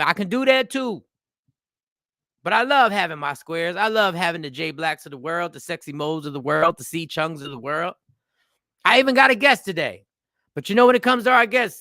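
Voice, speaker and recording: Bright-voiced animated male comedian host. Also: fairly high pitch, no room sound, studio quality. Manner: animated, rambling, repeats phrases. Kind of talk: casual live-stream talk.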